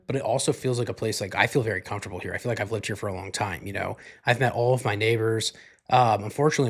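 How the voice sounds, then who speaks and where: Rambling young man with a low voice. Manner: rambling, frequent swearing and "like" fillers. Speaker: podcast host. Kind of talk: casual solo vlog-style chat. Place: room in a countryside home.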